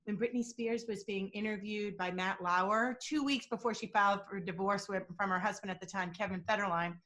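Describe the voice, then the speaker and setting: A woman guest explaining deception cues in an interview, telling animated stories and acting out quotes. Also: medium pitch, fairly quick. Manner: animated storytelling, acts out quotes. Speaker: body language and deception expert guest. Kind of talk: interview answers with examples.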